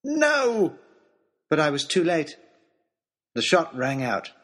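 A man narrating an adventure story in an expressive, dramatic reading style. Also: a little high, measured pace.

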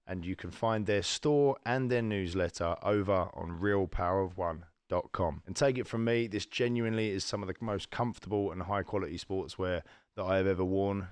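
A man's voice: sits low, clean tone, no room sound. A man hosting a podcast, asking questions and reading an ad in a casual chat, with an English accent. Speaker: podcast host. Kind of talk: casual interview chat and sponsor read.

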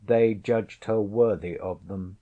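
A haughty, teasing noblewoman with archaic, wry speech, as a male reader puts her on. She speaks slowly in a fairly low, mellow register, clearly raised above the reader's own voice. It reads like a queen in disguise from an old storybook. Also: fairly even intonation, highs cut off. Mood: wry, regal. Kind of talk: audiobook character voice.

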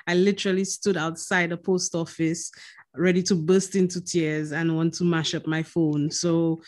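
A woman talking on a podcast, animated and exasperated as she rants. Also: lowish voice, moderate pace. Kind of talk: casual podcast chat.

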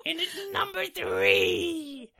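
A man putting on a servile hunchbacked lab assistant voice, creaky and slow, with a wildly swooping pitch, counting down a list. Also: huge pitch swings, bright, forceful tone, full character voice. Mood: servile countdown. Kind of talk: comic podcast impression.

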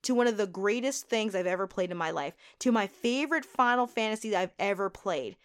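A woman's voice: medium pitch, animated, brisk, clear, resonant tone. A woman hosting a solo podcast, talking in a gushing, emotional way with big swings in her voice. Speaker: podcast host.

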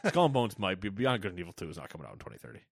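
Deep and gravelly, his voice races along in clean studio sound with no echo. As a podcast co-host in a lighthearted gaming chat, he mock-rants like an executive, swearing and staying animated to be funny.

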